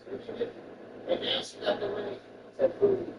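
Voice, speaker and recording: A speaker in casual chat who rambles and repeats phrases. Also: a little fast. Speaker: person chatting. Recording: roomy, far from mic, loud traffic noise.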